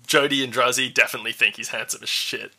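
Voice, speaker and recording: A man narrating a tabletop game as dungeon master and podcast host, relaxed and chatty with fillers. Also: medium pitch, fast talker, creaky, breathy edge.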